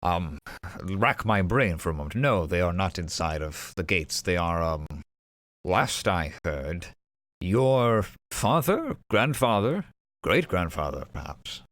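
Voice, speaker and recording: A gracious older dwarf noble, formal and warmly polite in every phrase, voiced by a man. The voice sits very low and deep. The sound is dry and close. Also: big pitch swings, takes it slowly, no echo, full character voice. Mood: courteous. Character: older male dwarf noble, courteous and effusive.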